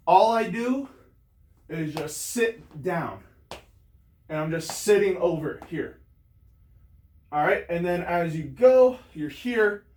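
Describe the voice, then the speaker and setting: Somewhat high and a little mellow, this man's voice comes from away from the mic amid a roomy echo. Breathless, he demonstrates hammer throw moves while explaining them in a rambling way, full of fillers.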